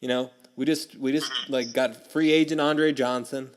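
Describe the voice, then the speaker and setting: Young guy podcast host, super animated, acts out his reactions while he rants about sports. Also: medium pitch, normal speed. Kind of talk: casual sports podcast chat.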